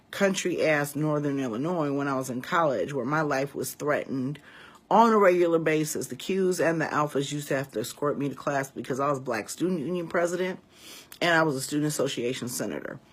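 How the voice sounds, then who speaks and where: A woman in her forties from Chicago's West Side, telling a story to her viewers in a casual, emphatic and profane way. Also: sits low. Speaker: vlogger and priestess.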